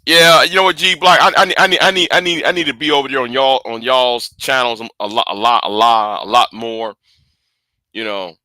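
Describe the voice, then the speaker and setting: Male commentator, halting delivery, very bright tense tone. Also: medium pitch, dry recording. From United States. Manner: halting, many repeats and restarts. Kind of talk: casual political commentary.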